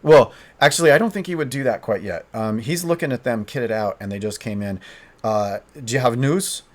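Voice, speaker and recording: A man playing a tabletop game solo, narrating as he thinks aloud, halting and restarting often. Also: fairly low pitch, expressive. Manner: halting, hesitant, frequent restarts.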